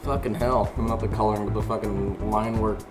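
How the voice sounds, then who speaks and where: A young man with a lowish voice rambles loosely over a speed drawing, full of fillers and offhand swearing. He talks into a desk mic at home, with music playing behind him. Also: fairly even intonation, a little fast. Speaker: artist narrating his speed drawing. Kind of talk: casual rambling voice-over commentary. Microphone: desk microphone, recorded separately over the video. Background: background music.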